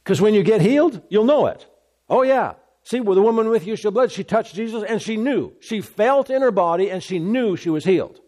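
A man preaches a sermon in a fairly high, expressive voice with a warm tone at a fairly quick pace. He presses his points by repeating phrases and often restarts mid-sentence.

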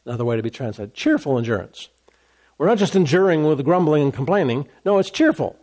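A man's voice: a little high, lively intonation, fast, a little mellow. A male pastor preaching a sermon, repeating key words for emphasis and asking rhetorical questions.

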